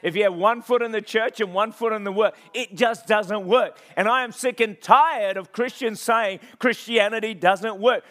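A man preaching a sermon in church, swinging from quiet reflection to loud, impassioned calls and repeating phrases for emphasis. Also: high voice, moderate pace, hardly any pauses. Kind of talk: passionate sermon.

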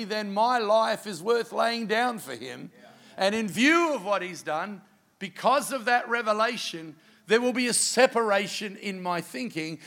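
A middle-aged Australian man preaching a sermon as pastor, telling a personal story in an animated way with quiet asides. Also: high-pitched, vocal fry.

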